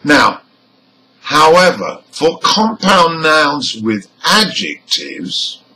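Male teacher, slow and deliberate, lively intonation, crisp over-enunciated examples. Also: a little high, poor audio. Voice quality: careful, over-enunciated delivery of example words. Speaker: English pronunciation teacher. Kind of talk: slow, deliberate lesson explanation.

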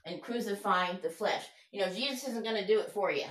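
A woman's voice: medium pitch, brisk. A woman preaching an informal sermon in an earnest, conversational way. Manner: earnest, conversational, fumbles while looking up verses. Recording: echoey room.

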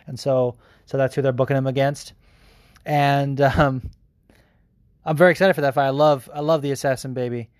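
Profane American podcast host, dry audio. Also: male voice, medium pitch, fairly even intonation, normal speed, dry recording. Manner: profane, rambling, laughs easily. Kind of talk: casual chat.

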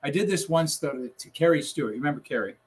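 A man's voice: on the high side, quick pace, husky. A man who once produced TV newscasts, telling funny stories in a casual chat. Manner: animated, laughing storyteller. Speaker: former TV news producer.

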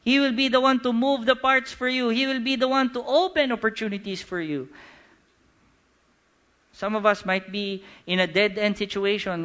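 A middle-aged man with a Filipino accent preaching a sermon, animated and mixing Tagalog with English, slowing to quiet emphasis. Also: very high-pitched. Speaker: pastor.

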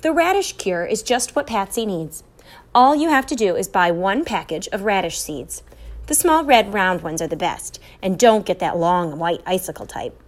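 A woman's voice: mid-range voice, lively intonation, normal speed, lightly acted. Woman reader doing old lady, kindly, eccentric, matter-of-fact advice, storybook voice. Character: kindly eccentric older woman advising parents.

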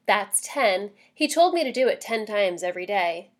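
A woman's voice: medium pitch, animated, normal speed, close to an everyday voice. A woman voicing a determined young woman who speaks plainly and firmly.

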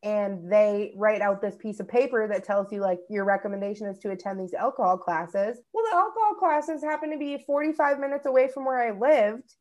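A woman's voice: a little high, a little mellow. A young woman from Minnesota, co-hosting a podcast, telling a story in casual chat and swearing freely. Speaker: podcast co-host.

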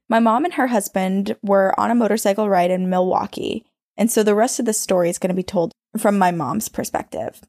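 Woman podcast co-host, gravelly edge, dry close mic, reads listener stories conversationally. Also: medium pitch, moderate pace, a little mellow, no room sound. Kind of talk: reading a listener's ghost story aloud.

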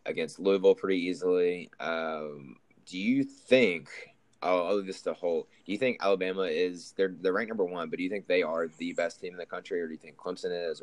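Young man, low deep voice, rambling casual podcast host, dry close sound. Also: dry recording. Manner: rambling, frequent restarts and fillers. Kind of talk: casual sports chat.

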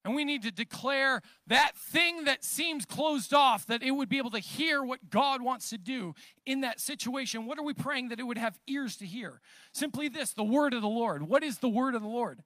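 A man in his thirties preaches with a very high, bright voice. He moves between easy, conversational storytelling and emphatic, rising declarations. The sound is close and dry, with no room around it. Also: expressive, normal speed, no echo. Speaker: pastor. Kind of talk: sermon.

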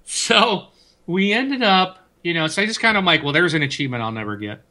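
A man co-hosting a casual gaming podcast, an animated storyteller whose voice climbs high when he retells yelling at a friend. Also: a little fast. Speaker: podcast co-host. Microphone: desk mic, loosely mounted.

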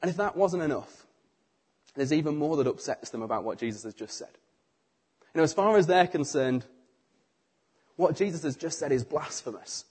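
A middle-aged British man preaching a sermon, telling the story with animated acted-out voices. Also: on the high side, moderate pace, long pauses, breathy edge.

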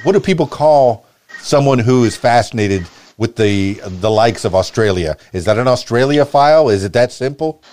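A man's voice: mid-range voice, lively intonation, normal speed, darkish tone. A male podcast host who speaks neutral American broadcast English, stammering and repeating words as he asks questions. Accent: neutral General American broadcast. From Miami, Florida. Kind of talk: casual podcast interview.

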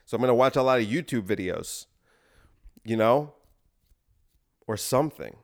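A man's voice: mid-range voice, expressive, moderate pace, gravelly. A man hosting a podcast, delivering a rambling, self-deprecating comic monologue. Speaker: podcast host.

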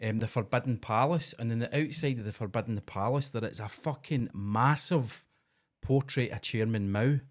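Sweary podcast host. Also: male voice, medium pitch, moderate pace. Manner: sweary, laughing, banter-heavy. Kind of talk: casual podcast chat.

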